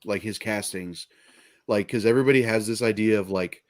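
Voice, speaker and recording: A man's voice: on the low side, a little fast. A man co-hosting a casual podcast chat, laid-back and using lots of fillers. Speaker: podcast co-host.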